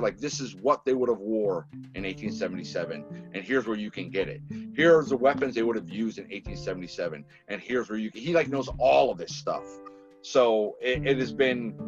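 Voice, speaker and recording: A man's voice: mid-range voice, muffled recording. A man talking casually as a podcast guest about his film project, rambling with fillers and restarts. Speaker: filmmaker guest.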